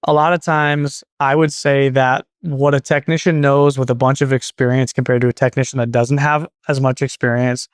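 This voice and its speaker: A man's voice: medium pitch, level tone, moderate pace, hardly any pauses, smooth, dry recording, studio quality. A man in his thirties from Portland, Oregon, a guest on an interview show, telling stories casually, rambling and correcting himself as he goes. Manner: rambling, self-correcting, acts out quoted dialogue. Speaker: guest, garage door business owner.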